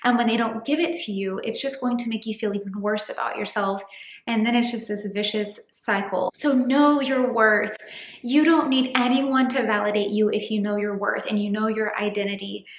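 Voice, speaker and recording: A woman's voice: mid-range voice, fairly even intonation, a little fast. A woman in her thirties giving earnest, encouraging faith-based dating advice in a casual vlog, slightly out of breath. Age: 30s. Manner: earnest, encouraging, gently preachy. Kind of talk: casual to-camera vlog talk. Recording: echoey room.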